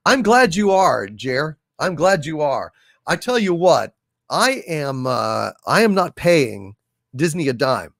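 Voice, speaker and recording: A man's voice: a little high, sing-song, vocal fry, fairly bright tone, no room sound, studio quality. A man hosting a casual livestream, reading out viewer messages and answering them in a blunt, profane way. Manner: blunt and profane, drawn-out emphatic delivery. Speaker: livestream host.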